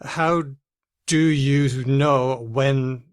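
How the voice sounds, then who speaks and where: A man's voice: mid-range voice, fairly even intonation, very slow, clear, resonant tone, no room sound, studio quality. A man co-hosting a podcast, explaining research studies in casual chat over a video call. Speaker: podcast co-host.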